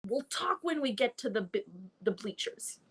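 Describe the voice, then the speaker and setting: A woman's voice: on the high side, expressive, moderate pace, slightly rough. A woman playing a tabletop game, making bossy, teasing threats in character. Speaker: player.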